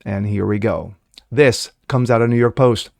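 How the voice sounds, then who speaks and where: Reading news stories aloud, a male commentary vlogger drops sarcastic, mocking remarks between passages. He has a lowish, gravelly voice with a steady tone at normal speed, recorded in studio quality without echo.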